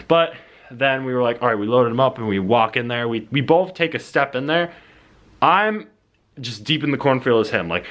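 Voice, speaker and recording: Rambling young guy pitching a movie. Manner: excitable, full of "like" and restarts. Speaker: vlogger pitching his film idea. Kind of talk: casual rambling storytelling.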